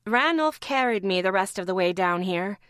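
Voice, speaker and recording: A kind pregnant healer, as a woman reads her talks gently with a teasing edge, at a middle pitch. The audiobook recording is dry and close. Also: animated, normal speed, clean tone, dry recording, natural voice. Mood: gentle teasing.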